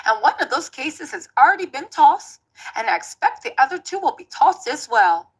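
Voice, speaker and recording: A woman's voice: sits high, big pitch swings, normal speed, fairly bright tone, low-quality recording. A woman doing an impression of a smug middle-aged male lawyer with a put-on Southern US accent, read out mock-dramatically.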